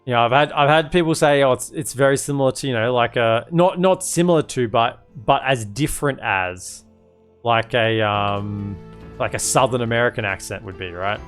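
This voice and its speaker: An Australian man streams gameplay with casual, chatty commentary, often repeating words and restarting his sentences. His voice sits in the mid range at a moderate pace, with faint music in the background.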